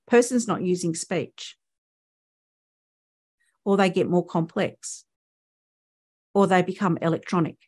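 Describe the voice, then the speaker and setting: A darkish, lowish female voice with an Australian accent comes through slowly, with frequent pauses. She is a speech pathologist at a conference, using rhetorical questions to explain things to her audience.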